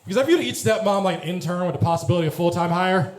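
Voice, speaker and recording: A man's voice: high voice, very fast, heavy background noise. A young man in his twenties doing stand-up in a comedy club, with a dry, proper-sounding delivery. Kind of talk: stand-up set. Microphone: handheld stage mic. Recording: live club with roomy echo and crowd laughter. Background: audience laughing.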